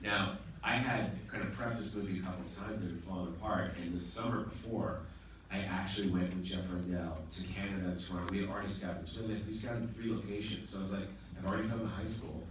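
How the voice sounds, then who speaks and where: Animated man telling stories in an echoey theater. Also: low voice, quick pace. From Boston. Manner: animated, swears freely, restarts sentences, laughs often. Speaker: filmmaker in a post-screening Q&A. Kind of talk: casual storytelling to an audience. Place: theater, full house. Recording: echoey theater taped from far off with background noise.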